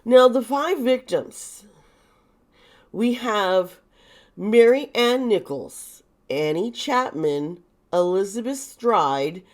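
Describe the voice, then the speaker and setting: A woman's voice: medium pitch, expressive, slow pace, a little mellow. A woman hosting a casual tarot reading, thinking aloud with many restarts and sounding a bit nervous. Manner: nervous, uneasy. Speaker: tarot reader and video host.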